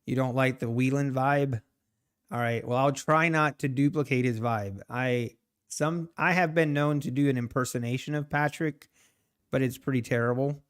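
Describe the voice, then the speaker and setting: A man's voice: mid-range voice, moderate pace, clear, resonant tone. A man chatting casually on a live trading stream, rambling, laughing often and answering viewer comments. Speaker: live-streaming day trader.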